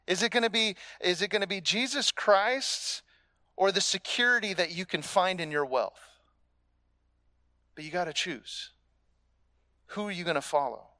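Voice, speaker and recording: A man with a fairly high voice delivers a sermon in a relaxed, conversational way. He leans on rhetorical questions and repeats his key phrases for emphasis. The sound is close and dry, with almost no room echo. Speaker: pastor.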